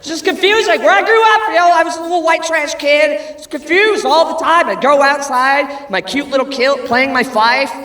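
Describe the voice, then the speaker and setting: A man in his thirties doing a stand-up comedy routine, loud and profane, swinging between shouting and muttering. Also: very high-pitched, normal speed, hardly any pauses. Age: 30s. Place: comedy club stage with audience. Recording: echoey club, crowd laughter, distant mic.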